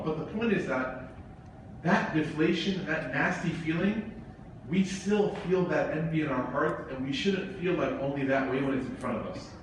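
A man giving an informal religious talk, telling stories with humor and many asides. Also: mid-range voice. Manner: humorous storytelling with frequent asides. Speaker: Islamic speaker. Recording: very echoey hall, from far off, faint noise.

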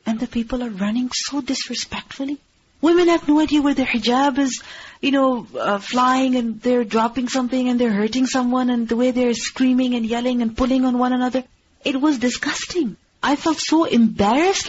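Woman teacher, quick earnest religious lecture, higher voice, slightly dull recording. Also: darkish tone, a little hiss or hum. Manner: earnest, asks and answers own questions; recites Arabic verses quickly. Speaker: Islamic teacher.

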